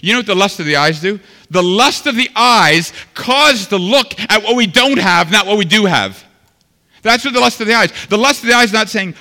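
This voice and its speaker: A fairly high-voiced man delivers a sermon, his tone bright and forceful. He rises into loud, fervent passages and then drops to quiet, earnest speech. His voice rings with the long reverb of a large church. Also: animated, normal speed. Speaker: pastor.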